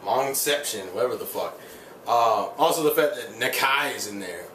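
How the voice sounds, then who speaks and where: A man's voice: mid-range voice, lively intonation, normal speed, fairly bright tone. Male vlogger, casual heated review, loose and profane; faint room noise behind him. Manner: rambling, profane, heated ranting full of "like". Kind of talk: casual spoken episode review. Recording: roomy sound from a distant mic, faint ambience.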